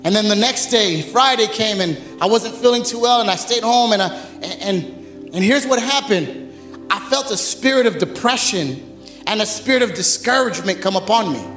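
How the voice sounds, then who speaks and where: A man preaching as pastor, in a lively, conversational sermon full of humor, while recovering from bronchitis. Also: high voice, moderate pace, soft background music. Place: church sanctuary. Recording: echoey church hall.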